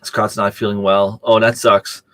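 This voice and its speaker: A man's voice: lowish voice, flat delivery, unhurried, fairly bright tone. A man hosting a casual live stream, rambling in a chatty way and answering viewer comments as he goes.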